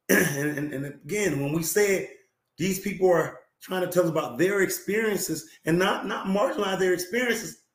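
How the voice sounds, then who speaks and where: Brief: hoarse man hosting a talk show, earnest and repetitive, slightly high voice, echoey room. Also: normal speed. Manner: earnest, repeats himself, many fillers, clears throat and coughs. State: hoarse, recovering from a cough. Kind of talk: live-stream talk show, reading viewer comments.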